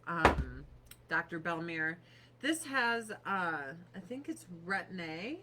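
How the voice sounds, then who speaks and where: A woman in her thirties talks to her stream from a cramped home office desk, swearing freely and sarcastic. Her voice is bright and lively, swinging widely in pitch, while she speaks at an unhurried pace. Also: a little hiss or hum. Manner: profane, sarcastic, animated. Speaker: livestreamer. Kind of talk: casual livestream chat.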